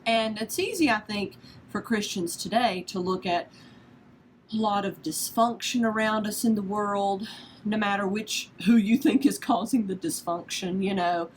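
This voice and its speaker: A woman's voice: mid-range voice, unhurried, a little hiss or hum, rough recording. A woman, hosting a casual devotional podcast in a chatty, self-deprecating storytelling manner. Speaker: podcast host.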